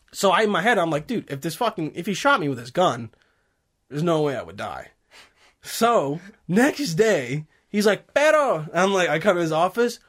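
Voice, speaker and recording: A young man telling a rambling story in casual chat, swearing often and laughing through it. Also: sits high. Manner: profane, laughing, animated storytelling.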